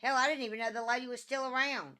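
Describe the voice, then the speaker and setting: A woman's voice: high-pitched, fairly even intonation, fast, sharp tone. A woman hosting a casual livestream, teasing and laughing with her viewers by name. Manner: teasing, drawling, laughs often. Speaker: channel host.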